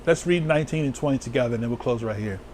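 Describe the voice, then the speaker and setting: A man preaching as an elder, reading scripture slowly and talking casually with his listeners. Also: medium pitch, a little mellow, a little hiss or hum. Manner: slow, drawn-out scripture reading with sudden whoops and laughs; casual, talks to viewers live.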